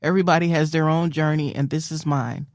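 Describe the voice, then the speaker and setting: A woman's voice: deep voice, steady tone, fairly quick, darkish tone, dry recording, studio quality. A middle-aged woman hosting a radio show, talking casually and emphatically, often repeating herself like a preacher. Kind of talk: casual spoken monologue.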